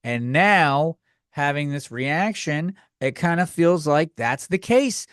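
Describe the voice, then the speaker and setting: A man's voice: on the high side, animated, slow, fairly bright tone, dry recording, studio quality. A young man hosting a comedy podcast, ranting sarcastically and profanely on his own. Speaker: podcast host. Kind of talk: solo comedy rant.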